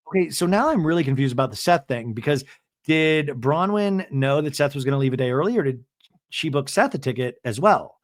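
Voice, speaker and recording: A man's voice: mid-range voice, lively intonation, a little fast, dry recording. A man hosting a podcast, recapping a reality show in a chatty, wry way on a close mic. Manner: chatty, wry, drops into playful voices. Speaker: podcast host. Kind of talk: casual recap commentary.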